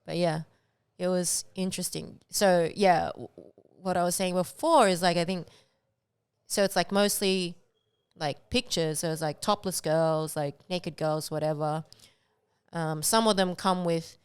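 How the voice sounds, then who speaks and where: A woman talks casually as a podcast guest, her voice pitched fairly low and smooth. She rambles along, stringing her thoughts together with a steady run of "like". The sound is dry and close to the mic. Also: a little slow, dry recording. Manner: chatty, heavy use of "like". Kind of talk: casual chat.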